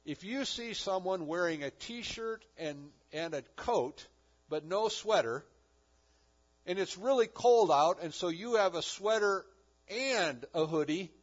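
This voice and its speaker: Earnest preaching man, fairly high voice. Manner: earnest preaching, rising and falling emphasis. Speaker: pastor. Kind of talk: sermon. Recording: dull lo-fi recording.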